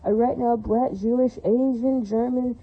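A woman's voice: a little high, fairly even intonation, measured pace, highs cut off. A woman addressing her viewers in a long, angry, rambling rant, repeating herself and often asking if it makes sense. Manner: ranting, repetitive, keeps asking "does that make sense". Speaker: vlogger.

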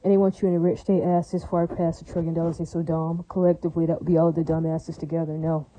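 A woman delivers a rambling, repetitive direct-to-camera monologue, emphatic and packed with fillers and religious exclamations. Her voice sits low with little pitch movement and a dark tone, and she talks fast on a rough recording.

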